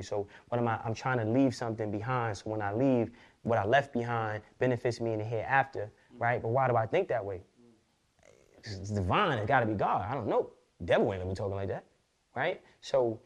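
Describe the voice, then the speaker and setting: A man speaking as a podcast guest, his words rushing out in quick, loose street slang laced with swearing. His pitch sits in an ordinary middle range. He tells his story candidly and unguarded. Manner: fast, slangy, profane street talk.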